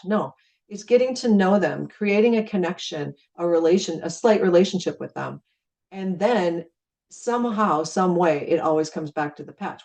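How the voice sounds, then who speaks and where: In a low-leaning, slightly mellow voice, a middle-aged woman from Minnesota speaks at normal speed with animated delivery. She's casually training people on network marketing, chatting and acting out dialogues with friendly, repeated phrases, though she's distant from the microphone.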